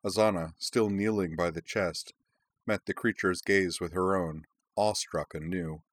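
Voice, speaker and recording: A man narrating an audiobook in a measured, even reading. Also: low voice, dry recording.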